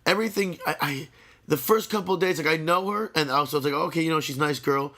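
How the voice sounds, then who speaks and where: A man's voice: a little high, fast, pushed and bright. A man co-hosting a podcast, teasing his friend and asking eager questions in casual chat. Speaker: podcast co-host.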